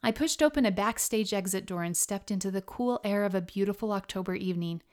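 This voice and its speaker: A woman narrating her memoir as an audiobook, in a reflective, steady storytelling manner. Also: medium pitch, fast talker.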